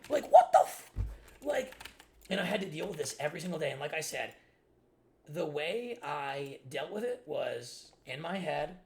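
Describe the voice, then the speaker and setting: A man's voice: fairly high pitch, animated, moderate pace, vocal fry. A young man streamer telling a rambling, exasperated story about his childhood while playing a game. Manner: rambling and exasperated, many restarts. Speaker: gaming streamer. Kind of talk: casual storytelling while gaming.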